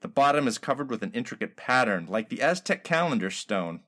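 A man reading a comic detective story aloud in a wry, deadpan hard-boiled manner. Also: medium pitch, brisk.

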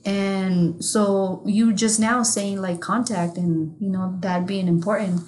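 A woman co-hosting a podcast in casual chat, talking candidly and with plenty of swearing, growing animated when something amuses her. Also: mid-range voice, slow pace. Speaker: podcast co-host.

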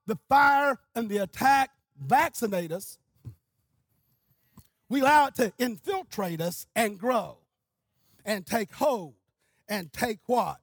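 High-voiced husky male pastor preaching. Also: dry recording. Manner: storytelling, rising to shouting. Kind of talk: sermon.

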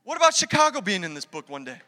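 A man's voice: high voice, big pitch swings, fast, bright, forceful tone, soft background music. A pastor preaching a conversational sermon, acting out dialogue as he goes. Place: church sanctuary. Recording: long reverb from a large hall.

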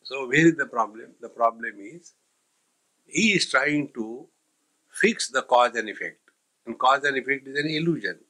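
A male swami gives a light-hearted spiritual talk, turning it into stories and jokes. His voice is bright and forward, and he sits at a mid pitch for a man. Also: animated, normal speed, rough recording. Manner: storytelling with jokes, mixing in Hindi sayings. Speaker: swami teaching a spiritual text. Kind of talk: humorous spiritual discourse.

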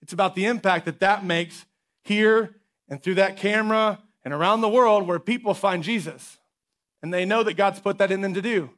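High-voiced energetic male pastor. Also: normal speed. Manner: energetic, conversational, repeats questions for emphasis. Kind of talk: sermon.

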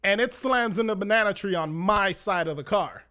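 A young Jamaican man telling a wild story in a casual, profane, animated way. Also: high-pitched, normal speed. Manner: animated, profane, acts out his own panicked lines.

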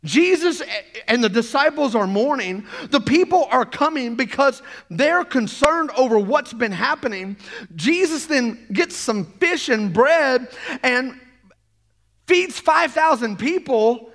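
A man preaching an energetic sermon to a congregation, often acting out playful quoted voices. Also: extremely high pitch, slow pace. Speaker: pastor.

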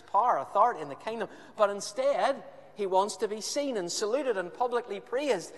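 Brief: high-voiced male preacher, lively storyteller, echoey hall sound. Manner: animated storytelling, emphatic repetition. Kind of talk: sermon.

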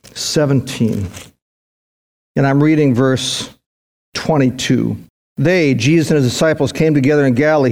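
A man's voice: mid-range voice, darkish tone. A man preaching a sermon as pastor, fervent and emphatic, often repeating words and restarting lines as he drives a point home.

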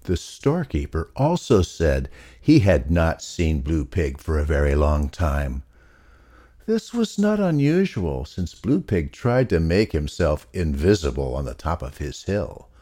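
A man reading a children's story aloud in an unhurried, expressive way. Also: very deep voice, slightly rough.

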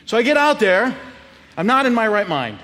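A middle-aged man preaches with a high, lively voice, swinging widely in pitch as he tells a story. He laughs often and acts out the lines of each person. His voice rings with the long reverb of a church hall. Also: normal speed, slight background noise. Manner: animated, laughing, acting out quotes. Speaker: pastor. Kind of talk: sermon storytelling. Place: church sanctuary.

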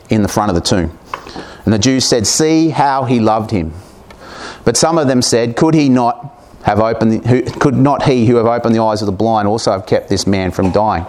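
A man's voice: fairly low pitch, normal speed, darkish tone. A man preaching a sermon, reading scripture aloud and breaking off into casual, humorous asides to the congregation.

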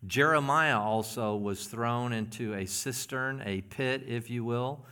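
A man preaching a sermon as pastor, earnest and often hushed, building into emphatic passages. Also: mid-range voice, measured pace, clear, resonant tone.

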